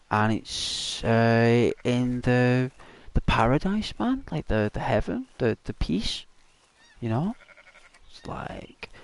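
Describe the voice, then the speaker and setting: Guy talking soft and rambly, lots of uhs and you knows, comforting someone, middle-pitched voice. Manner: gentle, rambling, halting with many fillers. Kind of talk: consoling casual chat.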